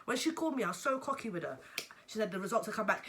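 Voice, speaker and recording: A young woman with a London accent, telling a story to camera in a casual, animated way and swearing freely. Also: mid-range voice, very fast, a little hiss or hum. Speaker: vlogger.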